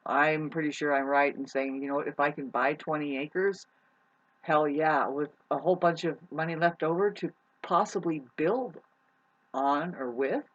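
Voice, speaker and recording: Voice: medium pitch, a little slow, highs cut off. A vlogger talking casually to viewers about astrology, meandering and restarting often, swearing casually. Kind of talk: casual rambling monologue to viewers.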